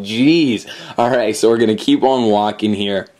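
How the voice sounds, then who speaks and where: A gameplay commentator gives casual let's-play commentary on a video game, reading the on-screen dialogue aloud as he plays. His voice is on the low side and a little mellow, at a measured pace.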